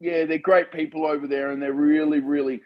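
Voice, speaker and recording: A man's voice: a little high, brisk, highs cut off. A man, a film director guest telling stories animatedly in a casual interview. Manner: animated storyteller, laughing and calling people mate.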